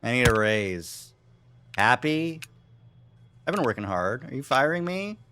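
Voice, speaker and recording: A streamer playing through a story game live, reading choices aloud with wry, deadpan asides. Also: medium pitch, a little slow, clear, resonant tone, dry recording.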